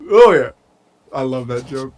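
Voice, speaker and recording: A man's voice: mid-range voice, a little slow. A young American man co-hosting a podcast, rambling and swearing in casual chat from his bedroom. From United States. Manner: excitable, rambling, swears a lot. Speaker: podcast co-host.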